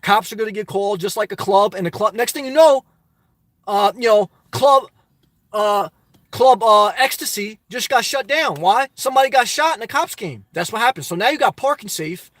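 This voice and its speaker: High-voiced Jersey man ranting. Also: normal speed, no room sound. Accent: New Jersey. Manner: animated, rhetorical questions, swings loud and soft. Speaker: livestream host reading chat. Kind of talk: casual live chat monologue.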